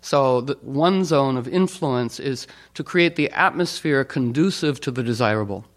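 A man's voice: medium pitch, normal speed. A man giving an informal talk, rambling with fillers and restarts, and playfully telling anecdotes in which he acts out the people he quotes. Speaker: speaker.

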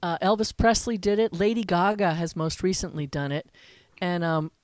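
A woman's voice: fairly low pitch, fairly even intonation, a little mellow, no room sound, studio quality. A woman chatting casually in a group conversation, taking her time. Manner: slow, singing with playful rhythm. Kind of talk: casual chat, sings a song.

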